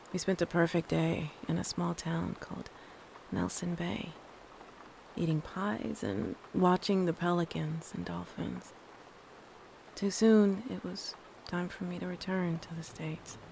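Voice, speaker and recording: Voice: mid-range voice, gravelly, darkish tone, slight background noise. A narrator reading a first-person scary story, with dry, wry asides. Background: faint thunderstorm ambience.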